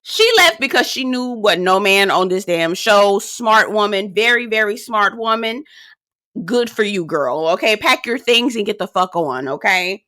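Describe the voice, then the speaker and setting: A woman's voice: medium pitch, measured pace, dry recording, clean studio sound. A woman casually recapping a reality dating show, sassy and blunt, swearing freely and acting out what the cast said. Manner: acts out cast quotes in a lively storytelling tone.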